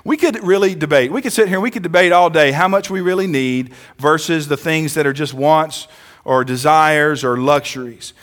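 Male pastor, sermon in church, high voice, asks the crowd for amens. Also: a bit bright. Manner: calls out for amens, slows down for emphasis.

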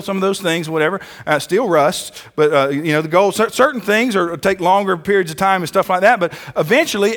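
A man preaching a sermon in church, who often calls for amens and slows down to stress his points. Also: high voice, fairly bright tone. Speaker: pastor.

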